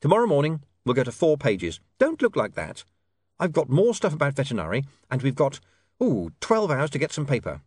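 An earnest, worried young editor, as a male reader puts him on speaks urgently and a little higher than the reader's own voice. The storybook reading is dry and close, with a lively, swinging pitch. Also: brisk, husky, dry recording. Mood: decisive.

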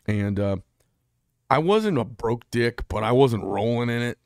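A man's voice: mid-range voice, expressive, unhurried, a little mellow, no echo, clean studio sound. A middle-aged man who served in the military gives a candid, rambling monologue, blunt and prone to restarting his sentences. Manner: blunt, rambling, self-interrupting. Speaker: veteran vlogger.

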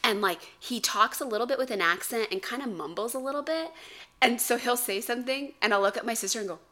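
A woman co-hosting a podcast in casual chat, an animated storyteller who laughs and swears freely. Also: a little high, fast. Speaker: podcast co-host.

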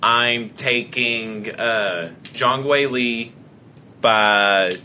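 A man's voice: mid-range voice, very slow, bright, forceful tone, slight background noise. A young man co-hosting a casual podcast chat, joking, swearing and laughing often. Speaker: podcast co-host.

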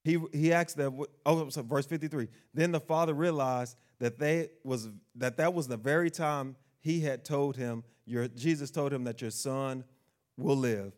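A man's voice: medium pitch, steady tone, moderate pace, a little mellow. A man preaching a sermon, asking the congregation questions and acting out the figures of the Bible story in quotes.

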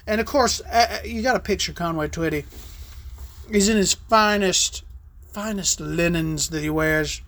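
A woman's voice: on the low side, a little slow, a bit bright, no room sound. A woman hosting a podcast, talking in a casual, rambling, profane and joking way. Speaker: podcast host.

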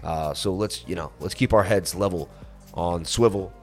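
Male livestream host, lowish voice, casual rambling delivery, faint background music. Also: moderate pace. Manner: relaxed, rambling, many fillers. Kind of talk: casual livestream chat reading super chats. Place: on vacation in Florida.

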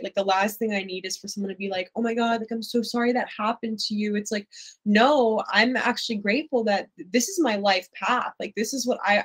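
A woman's voice: medium pitch, low-quality recording. A young adult woman speaking candidly and reflectively as an interview guest, with many filler words. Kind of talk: casual interview talk.

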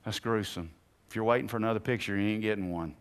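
A man preaching a sermon to a congregation in a church, swinging between hushed and loud, and putting questions to his listeners. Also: fairly low pitch, quick pace, smooth. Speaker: pastor.

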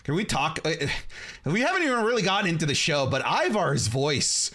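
A young man hosting a wrestling podcast, talking casually with quick asides and frequent laughs. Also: fairly high pitch, big pitch swings, bright, forceful tone. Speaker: podcast host.

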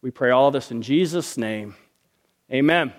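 A man's voice: medium pitch, a little slow, faint music behind. A male pastor preaching an earnest sermon at a live event and closing in prayer. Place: live event in a barn venue.

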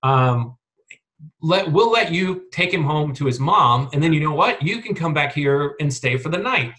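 A man voicing a flattering, scheming host in a casual book retelling, coaxing and fawning. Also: fairly high pitch, moderate pace, voice pushed up.

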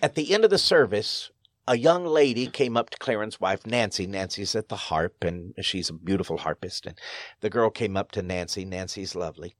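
A man's voice: lowish voice, normal speed, dry recording. A man, a pastor, telling stories in an interview in an earnest, emphatic way, his voice rising sharply on key phrases. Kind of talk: storytelling interview.

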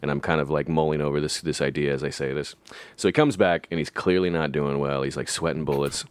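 A man's voice: a bass voice, steady tone, fast, smooth, no echo. A man telling a story in casual chat, laughing often and putting on voices for quotes.

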